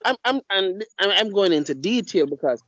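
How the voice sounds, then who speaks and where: A man's voice: high voice, expressive, normal speed, noisy background. A man hosting a podcast, telling blunt, profane stories in casual chat. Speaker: podcast host. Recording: dull lo-fi mic.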